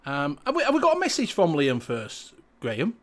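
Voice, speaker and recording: A middle-aged Yorkshire man hosts a casual live stream, cracking jokes, laughing and swearing. His voice sits fairly high and bounces around a lot. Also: huge pitch swings, a little fast, crowd noise. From Yorkshire, England. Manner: jokey, laughing, swears, broad dialect. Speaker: host.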